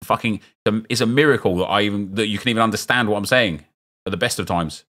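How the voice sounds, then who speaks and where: Talking fast in a low, pushed, bright voice, this South London man streams himself opening football game packs. His commentary is chatty and rambling, full of jokey asides to his chat.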